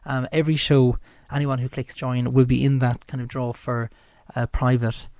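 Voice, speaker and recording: A man's voice: medium pitch, flat delivery, moderate pace, a little mellow, dry recording. A man with an Irish accent hosting his own psychic show, chatting in a rambling way with lots of fillers. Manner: chatty, rambling, many "you know" fillers. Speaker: psychic radio show host. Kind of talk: casual solo show chat.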